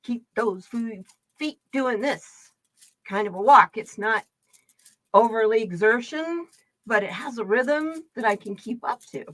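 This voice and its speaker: A middle-aged woman from the United States chatting casually with her stream viewers, telling animated stories and laughing often. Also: fairly high pitch, a little slow, dry recording. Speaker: livestream card reader host. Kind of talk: casual storytelling chat.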